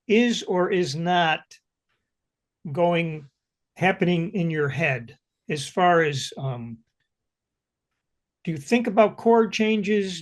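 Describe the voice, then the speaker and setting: A man with a somewhat high voice asks questions over a video call. He speaks very slowly and thoughtfully, pausing between phrases as he shapes each question. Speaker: interviewer for a jazz archive. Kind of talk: interview questions.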